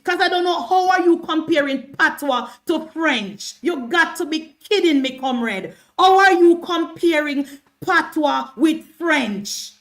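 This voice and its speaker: A high-pitched Jamaican woman argues on a political livestream. She hammers the same point again and again, stammering over words when worked up. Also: a bit bright. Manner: argumentative, repeats herself, stammers when worked up. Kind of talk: heated livestream commentary.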